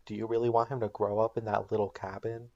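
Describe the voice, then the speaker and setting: A man's voice: on the low side, little pitch movement, fast talker, a little mellow, muffled recording, natural voice. A man voicing a weary, torn mother who pleads and argues, in a comedic made-up recap. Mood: pleading.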